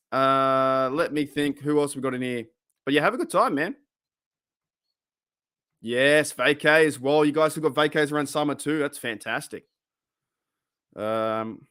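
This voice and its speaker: An excitable man rambles through a casual fan livestream, greeting viewers by name between fired-up rants. His voice sits at an ordinary middle pitch. The sound is dry and close. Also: dry recording. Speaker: host of a fan podcast livestream.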